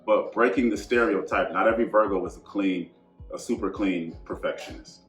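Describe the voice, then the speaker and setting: A man's voice: low-pitched, brisk, roomy sound, over music. A man hosting an astrology talk, chatty and emphatic, with asides and fillers. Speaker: astrology channel host. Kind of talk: casual astrology talk to camera.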